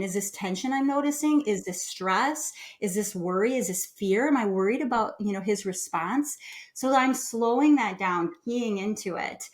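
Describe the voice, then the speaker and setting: A woman wellness expert, a guest on a podcast, explaining and guiding in a calm, soothing way. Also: mid-range voice. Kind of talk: casual conversational interview.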